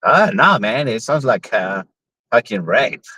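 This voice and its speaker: A man's voice: medium pitch, very animated, a little slow, pushed and bright, slightly rough, dry recording, poor audio. A man driving for a ride-share app and chatting on a live stream from inside his car, joking, swearing and repeating words in a sing-song way. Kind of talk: casual live-stream chat.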